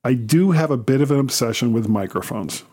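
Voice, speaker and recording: A man's voice: medium pitch, animated, a little fast, darkish tone, slightly rough. A man co-hosting a podcast in casual, joking chat. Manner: joking, laughs easily. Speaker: podcast co-host.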